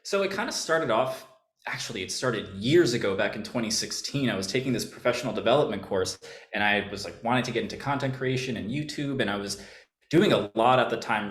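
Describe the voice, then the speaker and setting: A young man from New York with a general American accent, chatting in a relaxed, rambling way as a guest musician. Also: on the low side. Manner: relaxed, rambling, laughs often. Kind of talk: casual interview chat. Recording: roomy echo.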